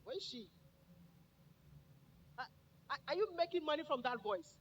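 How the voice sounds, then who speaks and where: A man's voice: very high-pitched, animated, moderate pace, fairly bright tone, dull audio, slight background noise. A man giving a motivational speech at a summit, joking and speaking straight to the crowd. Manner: joking, addresses the crowd directly.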